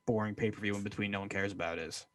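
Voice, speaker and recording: A man's voice: lowish voice, fairly even intonation, racing, fairly bright tone, no room sound. Wry male co-host, dry close sound. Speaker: podcast co-host. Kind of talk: casual wrestling chat.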